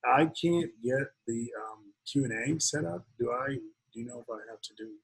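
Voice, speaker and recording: Male webinar host, husky voice, rambling jokey delivery full of fillers. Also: medium pitch, moderate pace, low-quality recording. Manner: rambling, joking, many fillers. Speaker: webinar host and investment speaker. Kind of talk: casual webinar talk with jokes.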